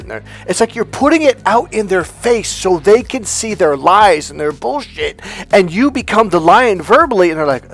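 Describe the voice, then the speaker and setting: A man giving a casual monologue as a relationship coach, animated and profane, acting out bits of dialogue. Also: high-pitched, moderate pace, faint music behind.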